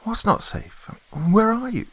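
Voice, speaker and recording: A man voicing a rattled, snappish sailor who fires off sharp, exasperated questions. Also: sits high, animated, normal speed, slightly rough, pitched above the performer's own voice, exaggerated voice.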